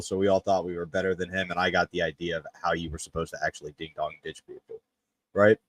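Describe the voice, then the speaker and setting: Low-voiced man telling a story. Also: no room sound, rough recording. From Memphis. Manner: animated, shouts when quoting others. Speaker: podcast co-host. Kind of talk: casual storytelling.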